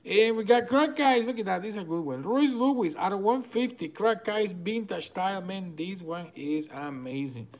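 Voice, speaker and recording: A man with a Venezuelan Spanish accent, hosting a card break and rattling off names as he opens packs. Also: sits high. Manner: rapid-fire listing of cards, excitable, chuckling. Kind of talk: live card-opening commentary.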